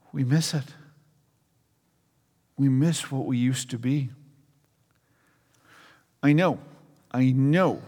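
A man in his forties preaching from the pulpit, his voice trailing off into the long echo of a large hall. He tells stories with self-mocking humor and acts out the people in them. His pitch sits in the middle range for a man. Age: 40s. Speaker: pastor. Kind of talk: sermon.

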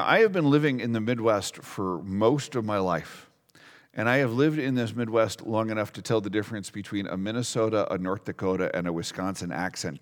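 A man preaching a sermon as a pastor, talking in a lively, conversational way and asking the congregation questions. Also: on the low side. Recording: long reverb of a large hall.

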